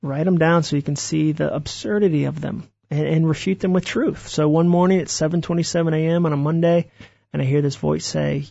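A man, an author being interviewed, telling stories in an animated way and acting out the voices he quotes. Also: on the high side, a little fast, gravelly, dry recording, dull audio. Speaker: author guest. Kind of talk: interview conversation.

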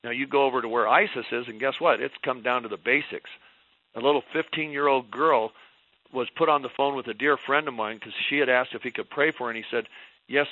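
A man's voice: mid-range voice, bright, forceful tone, no echo. Fervent older man preaching on radio. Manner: fervent, emphatic, rising and falling for effect. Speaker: Christian guest speaker. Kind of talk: impassioned preaching on a radio talk show. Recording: dull lo-fi radio sound.

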